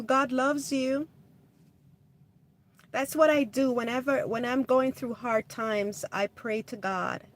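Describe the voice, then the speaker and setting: A woman hosting a casual livestream, chatting with viewers in a gentle, hesitant way full of restarts. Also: on the high side. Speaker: livestream host. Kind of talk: casual livestream chat reading comments.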